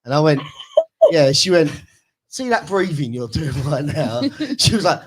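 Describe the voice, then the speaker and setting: A man's voice: a little high, normal speed, husky. A man telling funny stories in a casual chat, acting out quoted lines. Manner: animated storytelling, acts out quotes. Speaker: guest.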